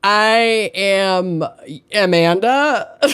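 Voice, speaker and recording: A woman's voice: mid-range voice, lively intonation, extremely slow, a bit bright, smooth. A woman with a Minnesotan accent co-hosting a podcast, chatting casually and gushing with enthusiasm. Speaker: podcast co-host. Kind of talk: casual chat.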